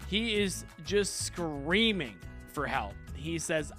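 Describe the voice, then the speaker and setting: A man hosting and narrating a comedic tabletop game as game master, telling the story in a deadpan, drawn-out way. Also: on the high side, soft background music.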